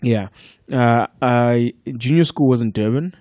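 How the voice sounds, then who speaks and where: A man in his thirties from South Africa, a podcast guest telling stories in a relaxed, profane way and laughing often. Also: medium pitch, measured pace, no echo. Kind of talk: casual chat.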